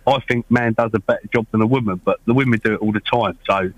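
A man's voice: on the low side, fast, dry recording, low-quality recording. A man who is a regular contributor to a radio show, talking bluntly and matter-of-factly. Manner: blunt, laughing, matter-of-fact.

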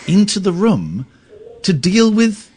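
A man hosts a late-night radio phone-in in a slightly raised voice. His pitch swings widely as he teases callers and gushes with theatrical delight. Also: huge pitch swings, takes it slowly, a little mellow, husky. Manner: playful, teasing, bursts of exaggerated delight.

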